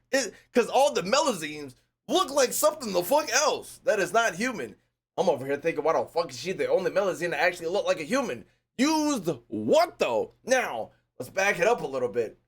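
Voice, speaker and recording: A man reacting to a game trailer in loose, rambling commentary, swearing freely and getting worked up. His voice sits fairly high and jumps around a lot in pitch. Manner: profane, excitable, rambling.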